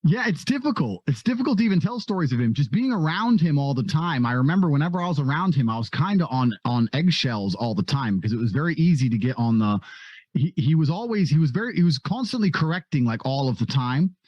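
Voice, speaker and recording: Man reminiscing haltingly on a podcast. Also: on the high side, lively intonation, darkish tone, dry recording, muffled recording. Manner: halting, restarts, swears casually. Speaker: podcast guest. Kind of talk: reflective podcast talk.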